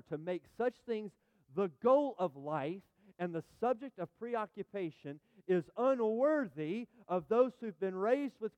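A middle-aged man preaching a sermon in an animated, emphatic way, repeating phrases and speaking directly to the congregation. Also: a little high, clean tone, no room sound. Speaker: pastor.

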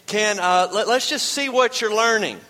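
An exasperated new pastor in a church joke, put on by a preacher, pitched high and bright. He keeps pressing his question. It rings through a reverberant church hall. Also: moderate pace. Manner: exasperated, insistent.

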